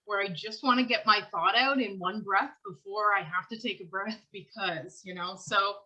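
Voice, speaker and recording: A woman's voice: medium pitch, normal speed, sharp tone, dull audio. A woman teaching a vocal class, talking in long run-on phrases and laughing between thoughts. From Canada. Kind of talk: online class lecture.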